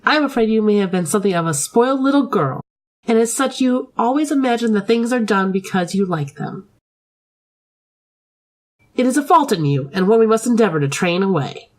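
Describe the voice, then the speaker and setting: A woman's voice: mid-range voice, lively intonation, a little fast, darkish tone, natural voice. A woman voicing a stern, strict headmistress who speaks coldly and scolds. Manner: cold, scolding.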